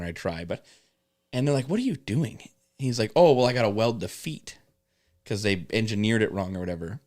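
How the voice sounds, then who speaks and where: A man telling rambling work stories in casual chat, swearing often and acting out coworkers. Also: mid-range voice. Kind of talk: casual storytelling with profanity.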